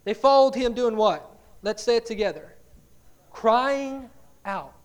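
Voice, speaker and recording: A man preaching a sermon, telling stories in an animated way, dropping to quiet asides and rising to loud dramatic cries, often repeating words as he builds. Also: high-pitched, fairly quick.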